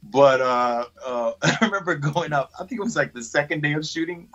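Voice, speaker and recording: Man, actor, husky tone, slightly raised pitch, laughing storyteller, dull lo-fi sound. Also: a little fast, a bit bright. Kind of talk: casual interview anecdote.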